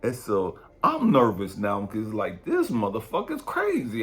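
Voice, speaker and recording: A man, a spiritual coach, telling a story in a blunt, profane, animated way. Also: on the low side, measured pace, few pauses. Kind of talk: casual storytelling monologue.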